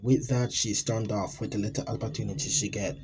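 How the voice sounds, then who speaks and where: A man's voice: lowish voice, steady tone, fairly quick, a little mellow, breathy edge, rough recording. A man narrating an amateur horror story in a rambling, dramatic, unpolished way.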